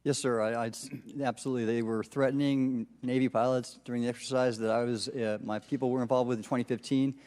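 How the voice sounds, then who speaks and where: A man's voice: medium pitch, level tone, fast talker, few pauses, a little mellow, big-room sound. A man testifying as a witness at a hearing, answering in a matter-of-fact way. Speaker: expert witness.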